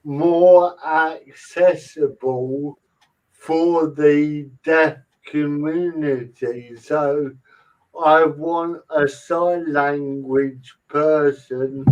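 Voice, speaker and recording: A man hosting a podcast, speaking haltingly with many fillers. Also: fairly high pitch, fairly even intonation, far from the mic, lo-fi sound. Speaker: podcast host. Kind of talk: casual podcast interview.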